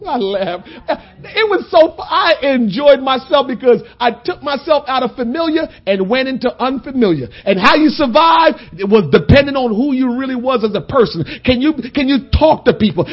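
A man preaching a sermon in a conversational, storytelling way that builds to loud, shouted points. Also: extremely high pitch, animated, normal speed, few pauses, muffled recording.

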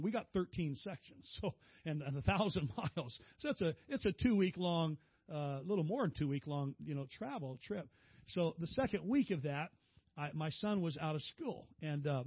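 Folksy storytelling preacher, husky voice. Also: male voice, dry recording, lo-fi sound. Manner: folksy, animated storytelling, pitching up for quoted voices. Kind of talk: storytelling sermon.

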